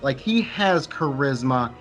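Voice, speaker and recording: A man's voice: medium pitch, animated, measured pace, a bit bright, soft background music. A man co-hosting a casual movie review podcast, summing up the plot with wry criticism. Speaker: podcast co-host.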